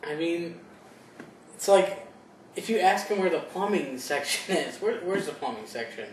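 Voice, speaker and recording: Joking young man, higher voice, echoey room. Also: lively intonation, normal speed. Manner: joking, profane, laughs often. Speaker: co-host. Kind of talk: casual chat. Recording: echoey room, distant mic, faint noise.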